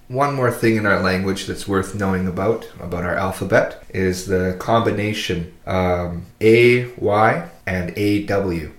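A man giving a patient pronunciation lesson, modelling each sound slowly and carefully for a learner to repeat. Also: deep voice. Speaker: language teacher. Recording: roomy echo.

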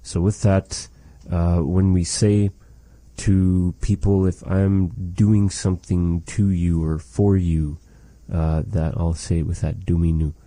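A language teacher gives a slow, patient lesson, repeating each phrase slowly and then carefully explaining it in a methodical way. His voice is low and very dark with little pitch movement. The recording is dry and close, with no echo.

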